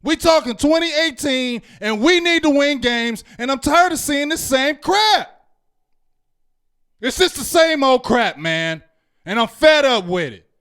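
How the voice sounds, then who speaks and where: Fired-up high-voiced man ranting. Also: animated, unhurried. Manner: heated, swinging from loud outbursts to muttering. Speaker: host. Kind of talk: postgame fan reaction rant.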